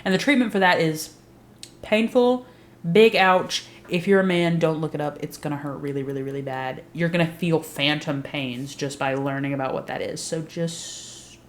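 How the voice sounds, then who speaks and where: A woman's voice: low voice, normal speed, a little hiss or hum. A young adult woman recapping a TV series in casual, blunt, emphatic talk, swearing freely. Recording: roomy echo.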